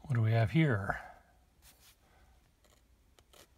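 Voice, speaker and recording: Slow, low-voiced man musing over pens. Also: expressive, breathy edge. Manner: musing, unhurried, thinks aloud with small asides. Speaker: pen collector demonstrating nibs. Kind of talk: casual show-and-tell to camera. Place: at a desk writing with pens.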